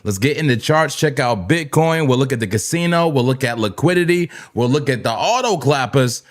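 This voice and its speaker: A man's voice: mid-range voice, lively intonation, brisk, few pauses. Hyped Jersey man hosting a livestream. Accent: New Jersey. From New Jersey. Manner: hyped, repetitive shout-outs, laughs often. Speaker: crypto trading livestream host. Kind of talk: live-stream chat and market talk.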